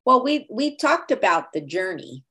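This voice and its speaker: A woman's voice: mid-range voice, big pitch swings, moderate pace, bright, forceful tone, husky. A woman hosting a podcast, chatty and conversational, laughing easily as she talks with her guest. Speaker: podcast host. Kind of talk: casual interview chat.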